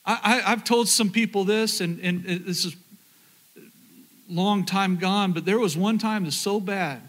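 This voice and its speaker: Southern pastor, male, higher voice, earnest sermon storyteller who restarts phrases. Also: unhurried, fairly bright tone. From rural Oklahoma, USA. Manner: earnest, repeats words, addresses the crowd.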